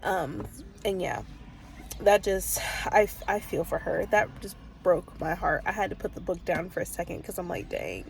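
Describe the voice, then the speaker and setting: A woman's voice: lowish voice, moderate pace, gravelly. A woman chatting casually in a book vlog, rambling with lots of fillers and restarts, openly emotional. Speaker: book vlogger. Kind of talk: casual reading vlog chat. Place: parked car.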